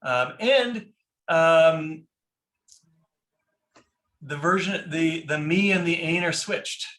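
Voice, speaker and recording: A man's voice: on the high side, extremely slow, a bit bright, roomy sound. A man teaching a class on a prayer book, explaining step by step and often checking in with "right?". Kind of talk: informal class lecture.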